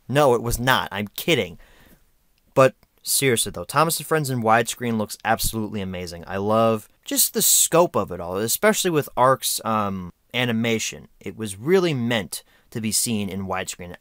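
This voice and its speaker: A man's voice: lowish voice, expressive, normal speed, a bit bright, dry recording, clean studio sound. A young American man giving an unscripted, rambling video review with sarcastic, self-mocking asides. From United States.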